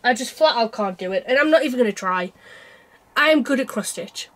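A woman's voice: a little high, animated, brisk. A woman vlogging about her cross-stitch projects in a chatty, self-mocking way, laughing often while feeling unwell. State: unwell with a cold. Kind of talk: casual chat to camera.

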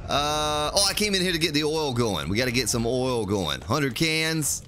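A man's voice: mid-range voice, very animated, moderate pace, sharp tone, slight background noise. A male game streamer giving live gameplay commentary, talking playfully to himself and to his viewers in the chat.

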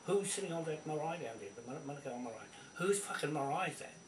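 A man's voice: a little high, expressive, quick pace. Angry New man, profane confrontational rant, echoey room, off-mic. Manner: furious, swearing constantly, confrontational. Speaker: video poster. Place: indoors at a computer. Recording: roomy, distant from mic, faint background noise.

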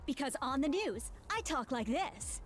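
A woman's voice: high-pitched, expressive, slow, a bit bright, soft background music, heavily acted. An actress playing a brash, glamorous female TV news reporter who calls people sugar and honey. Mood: chatty. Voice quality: flirty, brassy, calls others sugar and honey.

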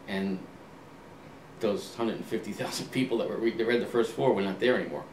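In an interview, an author in his sixties with a voice on the low side speaks fairly quickly, relaxed as he recounts anecdotes and reenacts old exchanges, with many ums and restarts. The audio has a roomy, distant-mic sound and a faint ambient hum.

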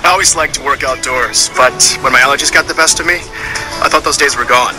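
A man's voice: medium pitch, quick pace, music in the background, close to an everyday voice, low-quality recording. An actor playing a rambling male allergy sufferer telling his story in a spoof cartoon drug ad. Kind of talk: spoof ad testimonial.

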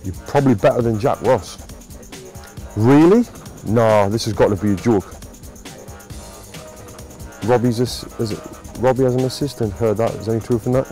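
A man's voice: mid-range voice, moderate pace, long pauses, dark tone, soft background music. A man in his thirties with a Sunderland accent, talking casually and emotionally in a vlog from a football stadium. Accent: Sunderland (Mackem). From Sunderland, England. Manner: emotional, chatty, self-mocking. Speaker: boxing coach and vlogger.

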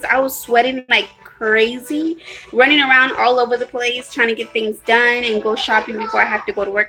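A vlogger with a bright, slightly high voice chats about her shopping haul on a live stream from a hot room at home. She apologizes constantly and rambles, stopping and restarting sentences with many ums, on a rough-sounding phone or webcam mic.

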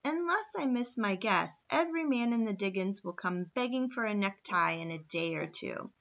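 A woman voicing a calm, shrewd, dignified gentleman who speaks in a measured way. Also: sits high, vocal fry, muffled recording, exaggerated voice. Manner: measured, composed speech.

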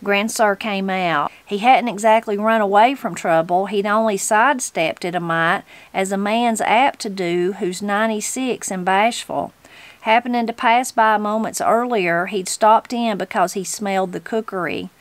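A woman reading a storybook aloud as a channel host, in a steady, unhurried way. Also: mid-range voice, no room sound.

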